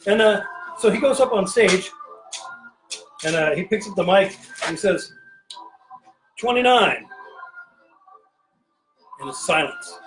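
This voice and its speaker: High-voiced man rambling behind a bar. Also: animated, a little slow, pauses often, soft background music, low-quality recording. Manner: rambling, self-interrupting, playful. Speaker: bartending show host. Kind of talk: casual joke-telling chat while mixing drinks. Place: home pirate-themed bar.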